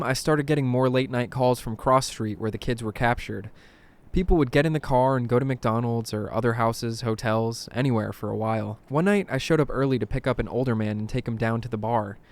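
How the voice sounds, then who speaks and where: A man narrates spooky first-person stories in a scripted, dramatic reading. His voice sits at a middle pitch. He drops into a hush when the tension builds and jumps up when things go wrong. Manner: dramatic, hushed at tense moments, bursts of alarm. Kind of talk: scripted horror story narration.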